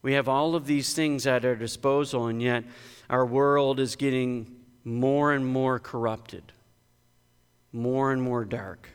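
Male pastor, smooth resonant voice, emphatic sermon delivery, long church reverb. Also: steady tone, slow pace. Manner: emphatic, conversational preaching with sudden lifts in pitch. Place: church sanctuary.

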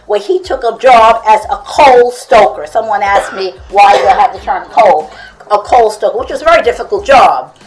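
Slow-reading woman with small chuckles. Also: mid-range voice, rough recording. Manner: chuckles often while reading. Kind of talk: book reading with commentary.

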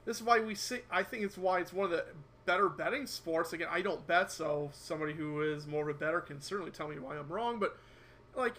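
A man co-hosting a casual sports podcast, chatty, with quick asides, often quoting himself. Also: on the high side, pushed and bright. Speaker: podcast co-host.

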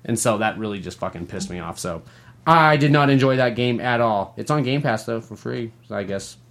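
A man's voice: mid-range voice, a little fast. A man co-hosting a gaming podcast, telling stories in a casual, profane way and laughing often. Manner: profane, laughing, animated storytelling. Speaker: podcast co-host.

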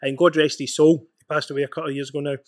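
A man's voice: fairly high pitch, level tone, racing, no room sound, clean studio sound. A man in casual conversation, sharing a personal memory about football. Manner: responsive listener, frequent short agreements. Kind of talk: casual chat.

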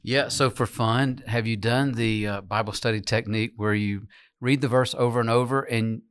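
A man, a pastor co-hosting a church podcast, talking in a relaxed, thoughtful way with frequent restarts. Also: mid-range voice, moderate pace, smooth, no echo, studio quality. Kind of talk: casual conversation.

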